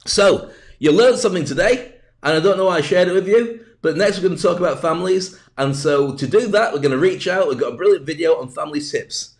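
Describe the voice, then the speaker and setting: A man delivers a jokey, wandering stand-up style monologue. His voice sits a little higher than most men's, and he keeps drifting off on tangents before pulling himself back. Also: animated, fairly quick. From north of England. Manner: rambling, jokey, digressing. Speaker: host and speaking coach. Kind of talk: comic monologue.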